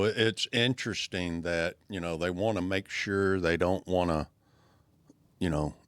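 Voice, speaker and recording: A man's voice: fairly low pitch, no room sound. A man co-hosting a podcast in casual chat, laid-back with indignant asides. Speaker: podcast co-host.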